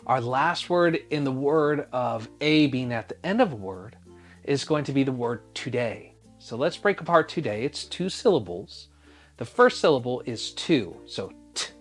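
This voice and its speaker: A teacher with a medium-pitched voice gives young children a phonics spelling lesson. She sounds out every letter patiently and invites the listener to spell along.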